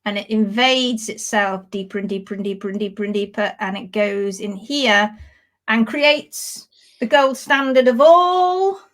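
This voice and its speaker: A woman teaching hoof care in a live demonstration, explaining with animated, playful storytelling. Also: mid-range voice, a little slow.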